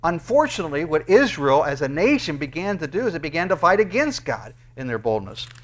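A male pastor preaching an earnest sermon, with emphatic rises and quick bursts between quieter explanations. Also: on the high side, big pitch swings.

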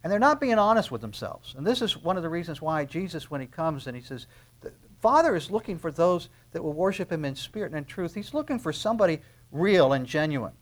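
A man preaching a sermon in a conversational way, acting out little dialogues and swinging between quiet asides and loud emphasis. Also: a little high, very animated, fairly quick. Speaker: pastor.

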